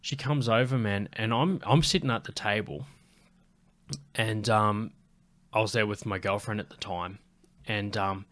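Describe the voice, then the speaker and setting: A man's voice: lowish voice, unhurried, long pauses, a bit bright. A young man, a comedian, telling a rambling, sweary story in casual podcast chat. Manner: sweary, laid-back, rambling.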